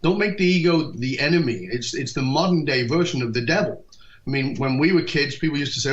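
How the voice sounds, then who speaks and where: A man in his fifties from England, a leadership speaker telling stories in an interview and acting out quoted dialogue. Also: medium pitch. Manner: lively, acts out quoted dialogue, quick asides. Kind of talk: storytelling interview talk. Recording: dull lo-fi podcast recording.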